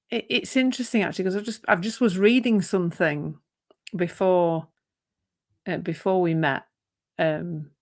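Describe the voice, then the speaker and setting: A woman with a lowish voice talks through her thoughts in a relaxed podcast chat. She wanders, backtracks and laughs often, sounding open and reflective. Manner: thoughtful, rambling, laughs easily. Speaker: podcast co-host. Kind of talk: casual reflective conversation.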